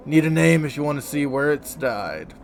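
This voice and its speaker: A man's voice: fairly high pitch, sing-song, normal speed, vocal fry, slight background noise. A man voicing an eerie male undertaker in a game, speaking in clipped, sing-song phrases.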